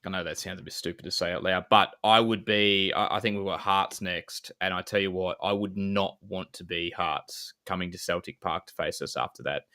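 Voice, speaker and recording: A man co-hosting a football podcast, giving frank, measured analysis in a casual style. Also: sits low, fairly even intonation, pushed and bright. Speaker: podcast co-host.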